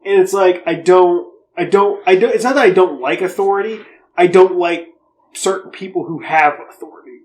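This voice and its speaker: A man's voice: sits high, moderate pace, poor audio. A young man co-hosting a podcast, telling a story in a rambling, profane, casual way. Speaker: podcast co-host. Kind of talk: casual chat.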